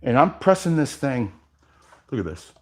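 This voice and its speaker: A man leads a live epoxy workshop demo, chatting casually with his viewers. His pitch swings widely, rising high when he greets the chat and sinking low and quiet as he concentrates on the work. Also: very animated, moderate pace. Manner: casual, chatty, addresses viewers directly, drifts quiet while working. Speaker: epoxy artist and workshop host.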